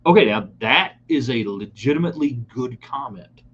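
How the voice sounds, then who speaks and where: A middle-aged man hosting a live sports talk broadcast, opinionated and animated as he reads listener comments and talks straight to his audience. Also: mid-range voice, moderate pace, lo-fi sound, slight background noise. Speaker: sports talk show host.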